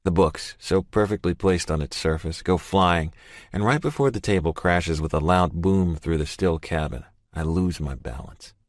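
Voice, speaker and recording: A man narrating a first-person romance audiobook in a steady, measured way. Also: low voice, dry recording, studio quality.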